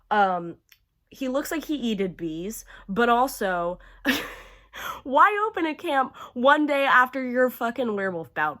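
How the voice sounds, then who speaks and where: A young woman giving casual, profane ranking commentary to camera, chatty and full of fillers, gushing about favorites. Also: medium pitch. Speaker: horror video creator.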